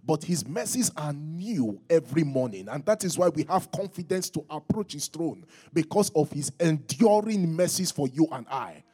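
Husky-voiced Nigerian pastor preaching. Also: male voice, expressive, normal speed, hardly any pauses. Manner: exhorting the congregation to respond aloud; rises higher and louder when teaching. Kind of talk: sermon.

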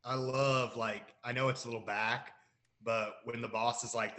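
Bright-voiced man chatting casually. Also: mid-range voice, fairly even intonation, normal speed. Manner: laughs while quoting lines. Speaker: podcast co-host. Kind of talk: casual chat.

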